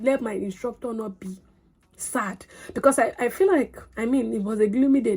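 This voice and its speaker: A young woman telling a story to her vlog in an excitable, chatty way. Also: medium pitch, husky. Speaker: vlogger.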